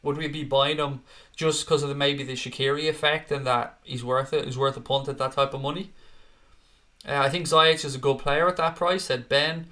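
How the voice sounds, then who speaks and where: Bright-voiced sweary male stream host. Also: mid-range voice, fairly even intonation, normal speed. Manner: sweary, reads viewer comments aloud. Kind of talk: casual live stream chat.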